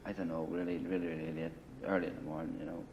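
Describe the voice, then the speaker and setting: A gravelly, low-pitched man races through a long war story in a grungy apartment, his intonation fairly even. The interview is rambling and profane, heavy on "you know" and "right," recorded on dull lo-fi 1980 film audio with faint hiss or hum.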